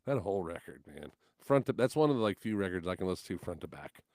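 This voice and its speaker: A man's voice: low voice, fast, no room sound, studio quality. A man telling stories in casual podcast chat, acting out the voices in them and swearing casually. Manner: animated storyteller, acts out quotes, swears casually. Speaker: guest musician.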